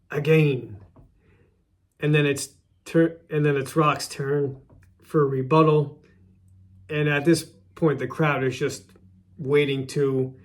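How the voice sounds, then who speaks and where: Hosting his own show, a man casually recaps a favorite wrestling segment, often repeating and restarting his words. His voice sits a little high.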